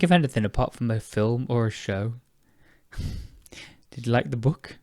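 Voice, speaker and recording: A man's voice: medium pitch, unhurried, a little mellow, no echo, clean studio sound. Chatty British man teaching English. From United Kingdom. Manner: chatty, self-correcting, laughs at himself. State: tired. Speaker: podcast host and English teacher. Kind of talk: casual podcast lesson.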